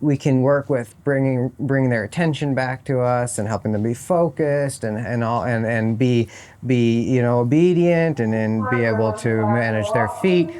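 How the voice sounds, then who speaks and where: A man's voice: mid-range voice, moderate pace, a little mellow. Thoughtful man chatting as podcast guest. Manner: thoughtful, restarts phrases often. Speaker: podcast guest, horse trainer. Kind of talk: casual interview chat. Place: horse competition grounds.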